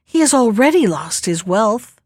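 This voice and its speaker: Woman reader as a sad young maiden; soft, wistful, coaxing, dry close recording. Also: a little high, very animated, measured pace, no room sound.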